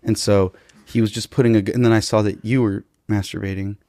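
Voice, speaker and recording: A man's voice: fairly low pitch, little pitch movement, fast talker, dark tone, no room sound, studio quality. A man telling an absurd improvised comedy story in a matter-of-fact way. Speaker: podcast comedian.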